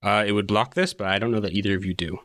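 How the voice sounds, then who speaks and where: A man's voice: fairly low pitch, fairly even intonation, very fast, fairly bright tone. A man running a tabletop game as game master, talking casually with frequent fillers.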